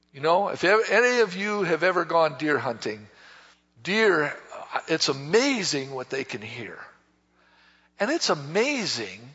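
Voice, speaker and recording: A man preaching a sermon, folksy and animated, acting out bits of dialogue as he tells stories. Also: high-pitched, slightly rough. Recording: dull echoey hall from a distance.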